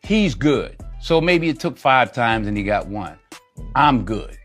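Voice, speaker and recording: Emphatic older man, slow and deliberate. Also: medium pitch, very animated, soft background music. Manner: emphatic, deliberate, repeats lines for effect. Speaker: interviewee. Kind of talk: reflective interview talk.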